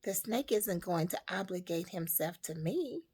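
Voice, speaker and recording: Woman storyteller, slow and gravelly, emphatic life advice. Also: on the low side, animated, darkish tone. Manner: slow, emphatic, preaching to women. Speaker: storyteller and motivational speaker. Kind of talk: spoken parable and life advice.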